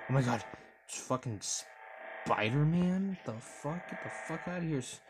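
A man's voice: fairly high pitch, moderate pace, background noise. A man giving gameplay commentary on a horror game, swearing often and reacting in jumpy outbursts. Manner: profane, jumpy, excitable reactions. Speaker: gamer.

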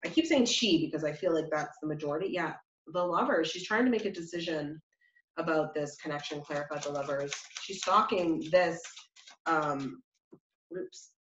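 A woman's voice: low voice, moderate pace, slight background noise. A woman giving a casual tarot reading, talking in a chatty, rambling way with many fillers. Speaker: tarot reader. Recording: roomy, slightly dull sound.

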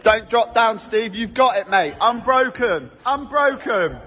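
A man's voice: sits high, steady tone, normal speed, crowd noise. A man, cheering and encouraging people through exercises at a class in a gym hall. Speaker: class helper cheering participants. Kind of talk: encouraging shouts at a fitness class. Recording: reverberant hall with group noise.

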